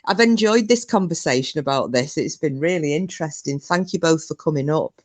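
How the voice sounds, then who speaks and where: British woman hosting a live stream from home; chatty, jumpy, quick to giggle. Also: deep voice. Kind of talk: casual live-stream chat. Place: home sofa.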